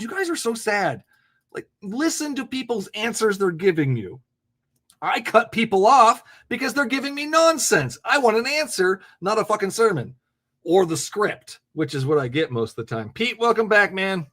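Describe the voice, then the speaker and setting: A man's voice: high-pitched, lively intonation, moderate pace, pushed and bright. A man hosting a live call-in debate podcast, blunt, mocking and profane, laughing often. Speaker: host.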